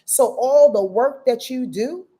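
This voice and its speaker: A woman's voice: high voice, a little slow, mellow, breathy edge. A woman hosting a live astrology stream, talking to viewers in an emphatic, casual and profane way. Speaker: astrology reader and host.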